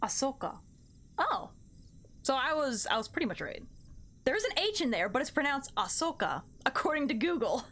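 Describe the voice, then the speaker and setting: A woman's voice: high-pitched, very animated, brisk, fairly bright tone. A young woman live-streaming a game, chatting casually with her viewers and counting her jumps aloud in a bubbly, playful way.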